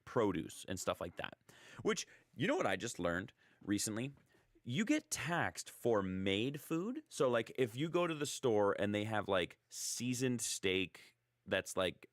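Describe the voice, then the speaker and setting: A man's voice: on the low side, fairly bright tone, no echo. A man hosting a radio show in a casual, chatty, rambling way, joking at his own expense. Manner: chatty, rambling, self-deprecating. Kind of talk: casual talk radio chat.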